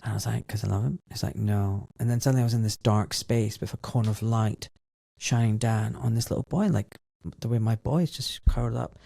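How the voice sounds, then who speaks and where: A middle-aged man with a gravelly, mellow voice talks on a podcast, recorded close and dry. He tells his story in an emotional, reflective way. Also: mid-range voice, fairly even intonation, brisk, no room sound. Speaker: podcast host. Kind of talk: conversational interview.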